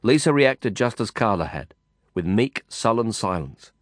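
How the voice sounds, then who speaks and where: A man reading a novel aloud in first person, measured and reflective. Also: on the low side, expressive, dry recording, studio quality. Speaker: audiobook narrator. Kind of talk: first-person audiobook narration.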